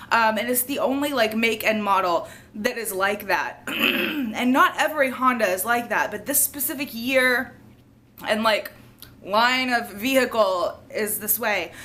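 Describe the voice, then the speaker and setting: A woman's voice: on the high side, bright, forceful tone, a little hiss or hum. A young woman chatting casually in a vlog, rambling and sick, losing her voice and coughing. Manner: chatty, rambling, lots of "like" and "y'all". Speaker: vlogger.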